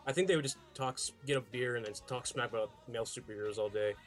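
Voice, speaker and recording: A man's voice: mid-range voice, fast talker, soft background music. A young man co-hosting a casual podcast, laid-back and chiming in with dry quips. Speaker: podcast co-host. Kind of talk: casual chat.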